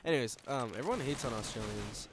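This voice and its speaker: A man's voice: medium pitch, quick pace, heavy background noise. A young man giving casual, rambling commentary while he plays a game, swearing often and laughing at himself. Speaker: gamer commentator. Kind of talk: casual live gameplay commentary. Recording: loud gunfire from the game under the voice.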